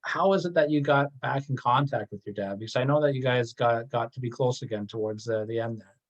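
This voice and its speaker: A man's voice: medium pitch, fairly quick, lo-fi sound. A man hosting an interview, asking rambling questions with frequent restarts. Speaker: podcast host. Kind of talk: conversational interview.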